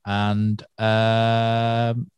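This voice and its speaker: Podcast host, man, halting delivery, dry close sound. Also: lowish voice, completely flat delivery, a little mellow, smooth, dry recording. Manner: hesitant, many uhs, wraps things up. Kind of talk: casual football podcast chat.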